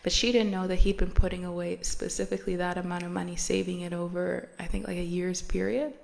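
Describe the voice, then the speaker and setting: A woman's voice: on the low side, flat delivery, fast, vocal fry, darkish tone. A woman hosting a podcast who retells a story in a chatty, slangy, casual way and laughs often. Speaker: podcast host.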